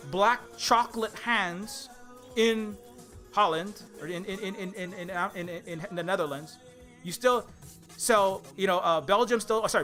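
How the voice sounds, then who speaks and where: A man's voice: sits high, bright, forceful tone. A man, an indie game developer, delivering an angry, profane political rant with frequent stumbles and repeated words. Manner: angry, profane, rapid-fire ranting with stumbles.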